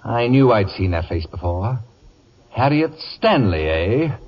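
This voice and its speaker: A pompous acid-tongued celebrity. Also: male voice, on the low side, sing-song, measured pace, slightly rough, full character voice. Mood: sly. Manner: sardonic, grandly theatrical. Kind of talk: 1950s radio acting. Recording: dull vintage radio broadcast.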